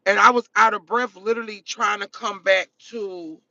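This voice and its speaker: A woman's voice: medium pitch, fairly even intonation, moderate pace, pushed and bright, no room sound, highs cut off. A woman chatting casually to her viewers on a live stream from a car, emphatic and repetitive, calling them baby, honey and girl.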